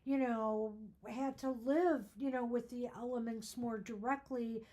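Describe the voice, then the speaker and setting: A woman with a notably high voice gives a tarot reading, reading card meanings aloud and then musing on them in earnest, explanatory asides. Her voice is wearing thin and starting to go hoarse. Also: steady tone, unhurried, warm tone. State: losing her voice. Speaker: tarot reader and co-host.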